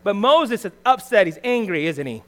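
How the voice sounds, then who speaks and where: A middle-aged man as pastor, preaching a conversational sermon full of rhetorical tag questions, swinging between loud emphasis and quiet asides. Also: high-pitched, big pitch swings, normal speed.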